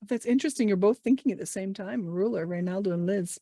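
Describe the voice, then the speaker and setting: A woman's voice: mid-range voice, quick pace, dark tone, no echo, clean studio sound. A woman teaching English over a video call, playfully leading a guessing game. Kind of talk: online teaching session. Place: home office.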